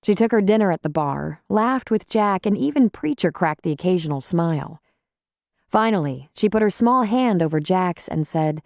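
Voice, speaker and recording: A woman narrating a romance audiobook in a measured storytelling voice. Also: lowish voice, expressive, darkish tone, no echo, clean studio sound. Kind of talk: scripted narration.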